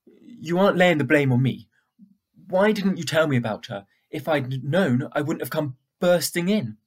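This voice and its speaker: A man voicing a sharp, stubborn young girl in a storybook reading, in a husky, raised voice. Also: mid-range voice, brisk, natural voice. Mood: angry. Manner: raised, insistent questioning.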